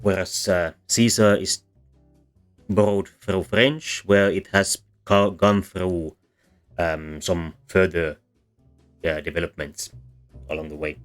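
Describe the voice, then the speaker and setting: A man with a very low voice talks through a lesson in voice-over. He pauses often, with plenty of ums and uhs and restarted phrases. Faint music plays behind him. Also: fairly even intonation. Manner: hesitant, many fillers and restarts. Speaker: language history explainer.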